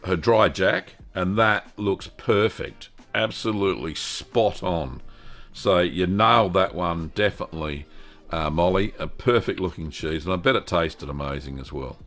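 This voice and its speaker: An Australian man with a rumbling low voice hosts a live stream about making cheese at home. He chats in a relaxed way, with plenty of ums and quick self-corrections.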